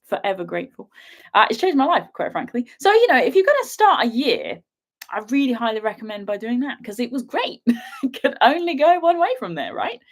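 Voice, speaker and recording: A woman's voice: fairly high pitch, big pitch swings, fairly quick. Giggly, rambling young British woman. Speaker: wildlife filmmaker and vlogger. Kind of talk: casual livestream chat.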